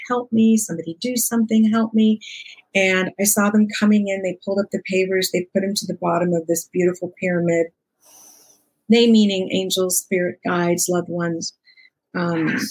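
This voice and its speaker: In this clip, a woman in her sixties, a guest on an interview, tells a personal story with lots of expression. Her mid-range voice has a breathy edge, and she chats conversationally, acting out dialogue and laughing often.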